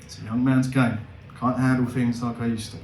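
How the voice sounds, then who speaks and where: A young man doing stand-up comedy, animated and laughing, with big swings in pitch. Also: a little fast, roomy sound, slight background noise.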